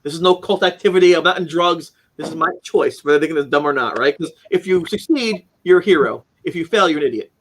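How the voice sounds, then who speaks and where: A man's voice: fairly high pitch, fast, few pauses, slight background noise. A man telling a personal story as an interview guest, acting out quoted lines with sudden jumps in voice and frequent restarts. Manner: animated storyteller, acts out quotes, many restarts.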